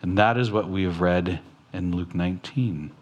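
A man preaching a sermon as a pastor, quoting scripture and talking plainly to the congregation, his voice rising at times. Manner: preaching slowly, quoting scripture, with sudden rises in pitch.

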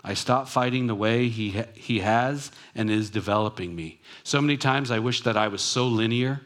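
A man's voice: mid-range voice, normal speed, a bit bright. A man in a mid-range voice preaches a sermon. He talks conversationally and reflects aloud, mixing scripture with personal asides. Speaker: pastor.

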